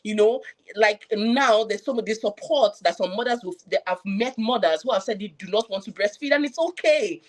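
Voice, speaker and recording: A woman's voice: mid-range voice, moderate pace. A woman with a Nigerian accent, a public health professional, giving an earnest personal account on a live panel with frequent restarts and fillers. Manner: earnest, reflective, many restarts and "you know" fillers.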